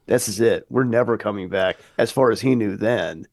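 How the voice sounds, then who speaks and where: A co-host with a lowish voice, laid-back in casual chat. He chimes in with short replies. The recording is dry and close. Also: moderate pace, dry recording. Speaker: podcast co-host.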